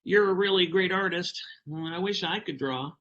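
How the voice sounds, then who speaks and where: A man's voice: high voice, normal speed, muffled recording, pitched above the performer's own voice. A man playing a shy, starstruck little boy. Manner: nervous, excited, self-doubting.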